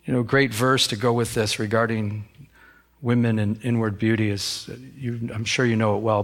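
A man's voice: mid-range voice, fairly bright tone. A middle-aged man preaching a sermon as pastor, talking to the congregation in a conversational way and acting out little dialogues. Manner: conversational, acts out dialogue with God.

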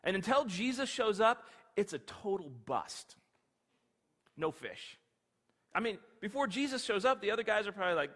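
A man preaching a sermon, telling the story in an animated, conversational way. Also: high voice, normal speed. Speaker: pastor. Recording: long hall reverb.

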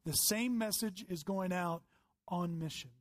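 A pastor preaches with earnest conviction, leaning hard on key words as his raised voice climbs. His tone sits high for a man. The sound is close and dry, with no room around it. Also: a little slow, no echo. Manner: earnest, emphatic preaching with rising stresses. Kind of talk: sermon.

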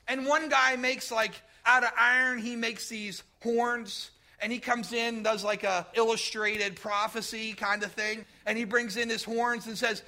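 A man preaching a sermon to his congregation, talking to them directly and rising into shouted emphasis. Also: very high voice, unhurried. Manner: conversational, addresses congregation directly. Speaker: pastor.

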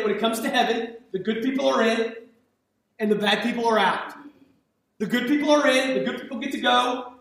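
A man's voice: very high-pitched, fairly bright tone. A man preaching a sermon as pastor, in a conversational, emphatic way with frequent repeats and restarts. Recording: echoey hall, speaker far from the mic.

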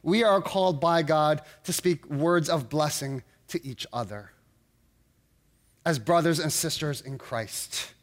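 High-voiced earnest male preacher. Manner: earnest, halting with frequent restarts. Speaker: pastor. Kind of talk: sermon.

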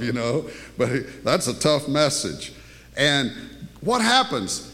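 A male pastor delivering a sermon in a conversational style, dropping into hushed asides and rising for emphasis. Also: medium pitch, big pitch swings, unhurried. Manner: conversational preaching, swinging between hushed asides and raised emphasis. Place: church sanctuary. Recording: long hall reverb.

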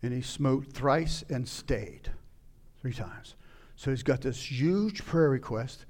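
A man preaching a sermon, retelling a scripture story and acting out its scenes with sudden loud outbursts. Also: medium pitch, slow pace. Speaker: pastor.

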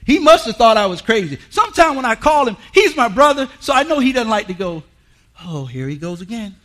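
A man preaching a sermon in a folksy, emphatic way, repeating lines and rising to shouts. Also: very high-pitched, big pitch swings, quick pace. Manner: folksy, colloquial. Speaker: guest preacher.

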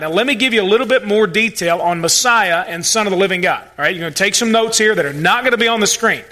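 A male pastor delivers a sermon in a high, bright voice. He talks to his listeners directly, restarting and repeating words when he wants a point to stick. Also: animated, fast, hardly any pauses.

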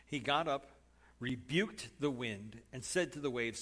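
A man preaching a sermon, dramatic, dropping to hushed asides and rising to emphatic points. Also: medium pitch, animated, normal speed, husky. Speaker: pastor.

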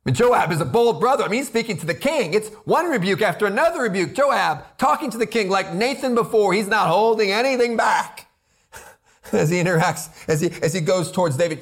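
A man's voice: sits high, expressive, brisk. A man preaching an expository sermon, earnest and building to emphatic rhetorical questions, often repeating words as he presses a point. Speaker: pastor.

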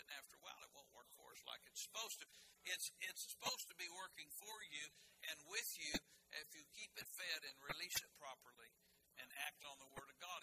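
A male pastor with a fairly high voice preaches in a loose, folksy way, breaking into joking asides and stumbling over restarts. The room behind him carries a clear hum of background noise. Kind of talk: sermon.

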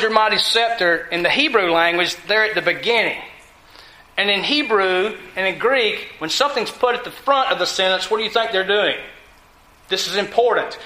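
A man preaching a sermon to a congregation, with deliberate emphasis and frequent rhetorical questions. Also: high-pitched, bright, forceful tone, roomy sound, poor audio.

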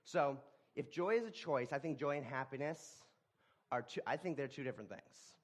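A man giving a sermon, talking in a halting way with frequent repeated words and restarts. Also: medium pitch. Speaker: preacher.

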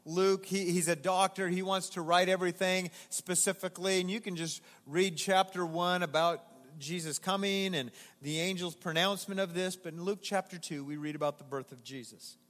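A man with a high, bright voice delivers a sermon from the pulpit. He is animated and emphatic, drawing the congregation in with questions. The sound carries a long reverb from the large church hall. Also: moderate pace, hardly any pauses. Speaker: pastor. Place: church sanctuary.

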